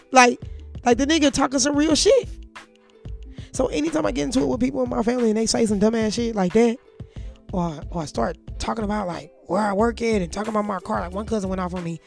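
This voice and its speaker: A podcast host from St. Louis, USA, walks around talking into a mic plugged into her phone, giving a candid monologue of blunt, profane, fired-up storytelling. Her voice is fast, creaky, on the high side and darkish, with faint music in the background.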